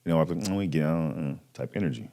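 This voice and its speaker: Extremely low-pitched and quick, this thirtysomething man is a podcast guest relaying a personal anecdote in a relaxed way. His delivery is animated and slangy, and he performs the quoted lines in character.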